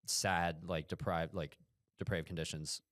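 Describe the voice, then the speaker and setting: A man's voice: low voice, little pitch movement, a little slow, a bit bright, no room sound, studio quality. A young man co-hosting a comedy podcast, telling a rambling story full of fillers and swearing. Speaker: podcast co-host.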